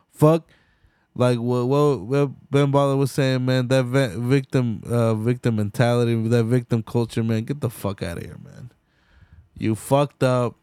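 A man's voice: medium pitch, a little slow, vocal fry, darkish tone, dry recording. Heated, profane male podcast host. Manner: profane, heated, swinging into mocking voices. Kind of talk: solo podcast rant.

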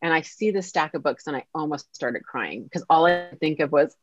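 A woman who is a guest on a podcast, telling a story in a lively way and acting out the lines people said to her. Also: sits low, brisk, few pauses, no room sound. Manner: animated, acts out quoted dialogue. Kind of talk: casual storytelling interview. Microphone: podcast mic. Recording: dull lo-fi sound.

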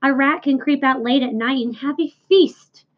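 A cunning old storybook ewe talks in a coaxing, savoring way, played by a woman reader. The voice sits a bit high. The recording is dull and lo-fi. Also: moderate pace, natural voice. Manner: lush, savoring listing of foods. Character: crafty old female sheep, coaxing and worldly.

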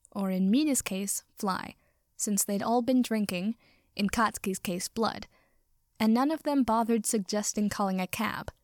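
A woman narrating fiction aloud with a lively, playful delivery. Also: mid-range voice, no echo, studio quality. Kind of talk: expressive fiction reading.

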